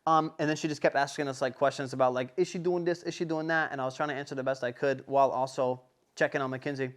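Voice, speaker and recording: A young man hosting a casual podcast, telling a story in an animated, rambling way full of swearing and fillers. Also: medium pitch, fast talker. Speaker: podcast host.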